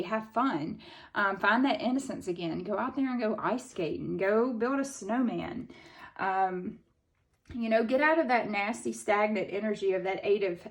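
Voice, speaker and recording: A woman in her thirties with a Southern US accent giving a casual tarot reading, blunt and chatty, swearing freely and using lots of fillers. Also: mid-range voice. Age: 30s. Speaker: tarot reader.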